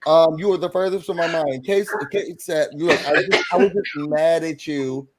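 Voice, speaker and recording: A man hosting a live recap panel, retelling a reality show episode in casual, animated chat and acting out quotes from the cast. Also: a little high, normal speed, over a noisy crowd, low-quality recording. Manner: animated, quotes cast members in put-on voices.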